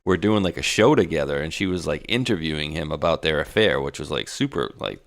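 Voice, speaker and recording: A man's voice: rumbling low, animated, fairly quick, vocal fry. A middle-aged man from Rhode Island co-hosting a livestream, rambling in loose casual chat and laughing often. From Rhode Island, United States. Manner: loose, rambling, laughs often, drops slang like dude and bro. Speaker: livestream co-host.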